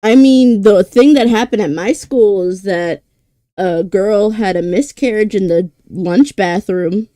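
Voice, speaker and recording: A young woman chats casually on her stream in a slow, slangy way. Her voice is mellow and warm, recorded dry and close. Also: mid-range voice, no echo. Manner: drawn-out, slangy chatter.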